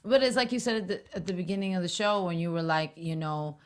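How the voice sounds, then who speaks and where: A woman's voice: lowish voice, quick pace. A woman co-hosting a fan talk show, sharing thoughtful reactions in a casual chat and reading from her notes. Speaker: co-host.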